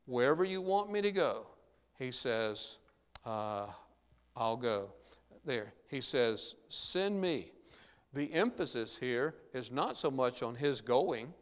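A man preaching a sermon in an earnest, emphatic way, his voice rising when he quotes Scripture. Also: medium pitch. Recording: long reverb of a large hall.

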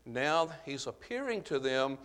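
A man's voice: medium pitch, big pitch swings, a little slow, fairly bright tone, clean tone. Earnest preacher man in a reverberant hall. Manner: earnest, explanatory, with frequent "uh" fillers. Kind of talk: Bible-teaching sermon. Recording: long reverb of a large hall.

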